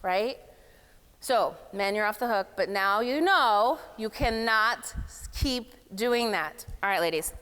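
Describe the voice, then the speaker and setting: A woman giving a lively, playful workshop talk at a summit, speaking casually to a live room. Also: medium pitch, slow, clean tone. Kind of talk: energetic motivational workshop talk. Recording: long hall reverb.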